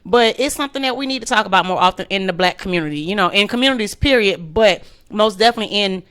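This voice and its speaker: A woman's voice: medium pitch, expressive, fast talker, fairly bright tone, clean tone. A woman hosting a radio talk show, chatty and loose, cheering her guests on. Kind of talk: casual radio panel talk.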